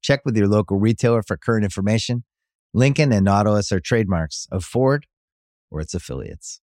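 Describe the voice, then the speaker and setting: Smooth low-voiced ad announcer man. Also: a little fast, darkish tone, no room sound, clean studio sound. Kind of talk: scripted car ad read.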